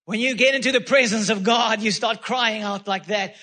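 High, bright-voiced fervent preacher man. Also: moderate pace, hardly any pauses. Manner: fervent preaching with repeated phrases and exclamations. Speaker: pastor. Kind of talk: sermon.

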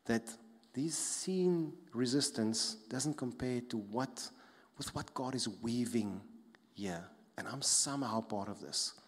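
A man preaching a sermon as a pastor, emphatic, repeating key phrases and dropping soft to stress them. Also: medium pitch, takes it slowly, husky. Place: church hall. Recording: long hall reverb.

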